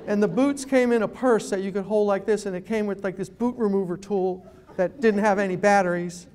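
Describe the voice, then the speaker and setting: A middle-aged man giving an animated, self-deprecating humorous talk as a guest speaker. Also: high-pitched, fairly quick, clear, resonant tone. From New York City. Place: event room.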